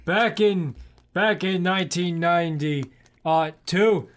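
A man's voice: high voice, slow pace. A man voicing a grumpy, forgetful old grandpa in a nursing home who rambles about the old days. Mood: grumbling. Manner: cranky rambling reminiscing.

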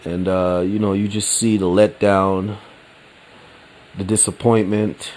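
A man hosting a casual solo sports podcast, rambling in a relaxed, slangy way and laughing often. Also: sits low, slow pace, a little hiss or hum. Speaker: podcast host.

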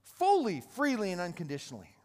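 Guy preaching, pretty high voice, lots of hall echo, restarts a lot. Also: huge pitch swings, quick pace, a little mellow. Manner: retelling scripture with restarts and repeated words. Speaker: pastor. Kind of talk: sermon. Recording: long hall reverb.

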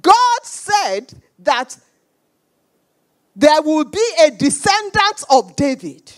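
A woman delivering a sermon in a high, animated voice that swings widely in pitch. She speaks slowly and with emphasis, repeating her phrases. She acts out the voices of the people in her stories. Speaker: preacher.

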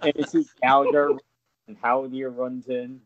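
A man's voice: mid-range voice, flat delivery, normal speed. A man narrating as game master in a tabletop game, in a matter-of-fact way. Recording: dull lo-fi dry mic.

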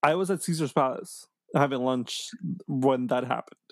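A man's voice: medium pitch, normal speed, dry recording, studio quality. A young man co-hosting a podcast in casual chat. He is laid-back, laughs often, and trails off mid-sentence. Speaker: podcast co-host.

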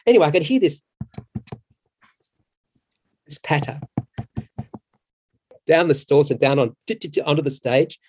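A man's voice: a little high, expressive, darkish tone, a little hiss or hum. Rambling middle-aged man telling a story. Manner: halting and rambling, with many restarts and laughter. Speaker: musical theatre actor, interview guest. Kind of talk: casual anecdote telling.

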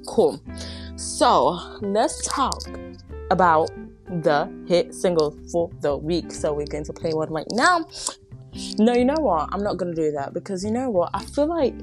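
With lively intonation and a voice on the low side, a young woman hosts a casual home podcast at normal speed. She's giggly and self-deprecating, rambling and tripping over her words. Recorded unedited on a phone or device with no mic nearby, it has faint pop music playing softly.

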